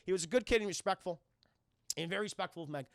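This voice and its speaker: A man live-streaming a casual, profane recap of a film to his chat, rambling and acting out scenes in loud voices. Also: sits high, very fast, dry recording, studio quality. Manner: talks to chat, thanks viewers.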